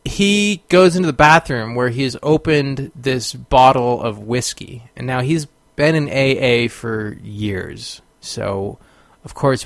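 A man's voice: mid-range voice, vocal fry, dry recording. A man hosting a podcast, telling a story in a casual monologue, rambling with fillers and bursting into exclamations. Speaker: podcast host.

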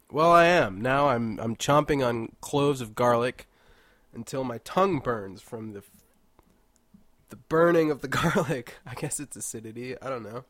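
A man's voice: medium pitch, unhurried, fairly bright tone, no echo. A congested man hosting a casual solo monologue, rambling and jokey with mock-indignant asides, indoors at home. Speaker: podcast host.

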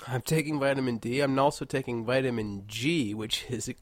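A man's voice: medium pitch, moderate pace, no room sound. Congested man rambling on a solo show. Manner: rambling and jokey, mock-indignant asides. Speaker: podcast host. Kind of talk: casual solo monologue. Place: indoors at home by a fire.

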